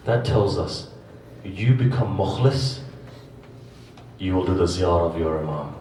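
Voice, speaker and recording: A man's voice: low-pitched, unhurried, long pauses, noisy background. A man giving a sermon at a mourning gathering. He tells stories with rhetorical questions and repeated phrases. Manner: impassioned storytelling with rhetorical questions and repetition. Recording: echoey distant hall recording.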